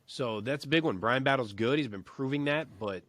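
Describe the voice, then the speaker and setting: A man co-hosting a podcast, sharing his picks in a relaxed, conversational way. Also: mid-range voice, brisk. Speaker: podcast co-host. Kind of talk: casual opinion chat.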